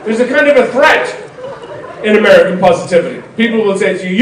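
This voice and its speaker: A middle-aged comedian rambles wryly through a stand-up set, his fairly high voice breaking into loud bursts now and then. He sounds roomy and a bit distant, picked up across a big hall with noise behind him. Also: lively intonation, fast talker. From Ireland. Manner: rambling, wry, with sudden loud outbursts. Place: large concert hall before an audience.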